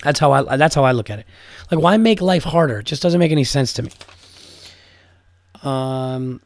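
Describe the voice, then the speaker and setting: A man's voice: medium pitch, animated, normal speed, creaky. A man hosting his own podcast, chatting casually and telling stories, swearing freely and stumbling over repeated words. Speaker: podcast host. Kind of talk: casual solo podcast chat.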